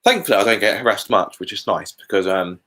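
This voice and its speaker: A man's voice: lowish voice, lively intonation, fast talker, pushed and bright. A British man hosting a casual live Q&A from home, chatty and candid with colourful asides. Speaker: car YouTuber hosting a live Q&A.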